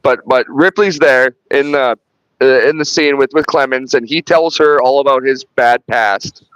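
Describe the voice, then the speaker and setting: A man's voice: mid-range voice, normal speed, fairly bright tone, clear, resonant tone, no room sound, lo-fi sound. A man hosting a podcast, retelling film scenes in casual, rambling chat full of restarts and swearing. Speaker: podcast host reviewing a film.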